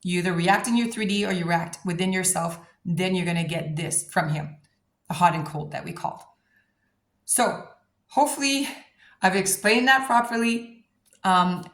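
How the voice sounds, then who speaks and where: Female coach talking to camera, animated and blunt, average pitch, roomy echo. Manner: animated, blunt, swears freely. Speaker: manifestation coach. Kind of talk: casual advice talk to camera.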